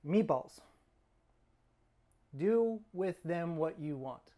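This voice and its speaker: A man's voice: on the high side, expressive, extremely slow, dull audio. A middle-aged man from California, hosting his own cooking channel in a chatty, rambling way with self-mocking jokes, sometimes talking while he eats. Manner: talks while eating. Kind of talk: casual cooking vlog.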